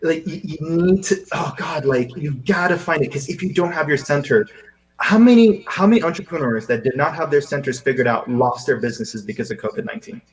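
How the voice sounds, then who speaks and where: A man who grew up in Seychelles, hosting a casual video chat in an animated way, often stumbling over repeated words. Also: on the high side, fairly quick, poor audio. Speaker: host. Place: live video call.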